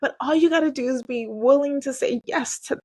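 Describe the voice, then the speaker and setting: Female host, 40s, slightly high voice; earnest, emotional solo podcast delivery with casual fillers. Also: brisk, a little mellow. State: tearful at times. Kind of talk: heartfelt solo podcast talk.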